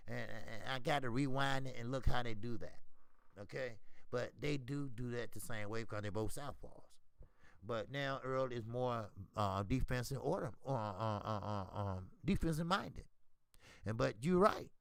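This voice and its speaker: A man's voice: medium pitch, moderate pace, creaky, dry recording. A man hosting a casual, profane boxing talk stream, answering viewers by name. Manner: profane, animated, talks back to viewers by name. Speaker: boxing channel host.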